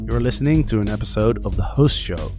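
A man hosting a podcast, reading a scripted intro and then chatting in an upbeat, energetic way with guests. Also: on the low side, brisk, music in the background. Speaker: podcast host. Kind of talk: casual interview, scripted intro.

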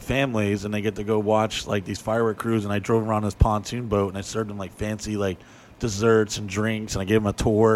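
Profane rambling male storyteller. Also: lowish voice. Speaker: podcast co-host. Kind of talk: crude storytelling chat.

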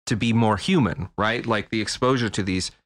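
A man's voice: on the low side, moderate pace, no room sound. A man co-hosting a casual talk show who thinks aloud and keeps saying "like" and "right?". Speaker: podcast co-host. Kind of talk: casual chat.

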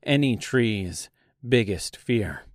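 A man narrating a dark fantasy audiobook in a slow, deliberate storytelling manner. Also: lowish voice, lively intonation, no room sound, clean studio sound.

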